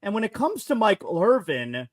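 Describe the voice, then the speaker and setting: A man's voice: sits high, wildly swooping pitch, moderate pace. A man hosting a sports talk show, asking his guest conversational questions with some hedging.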